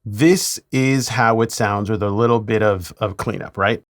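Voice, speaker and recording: Man, lowish voice, mix engineer, tutorial, relaxed, playful asides. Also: unhurried. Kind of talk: mixing tutorial.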